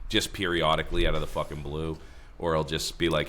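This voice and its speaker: Low-voiced profane podcast host. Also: male voice, flat delivery, brisk, sharp tone, a little hiss or hum. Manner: profane, laid-back storytelling. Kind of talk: casual chat.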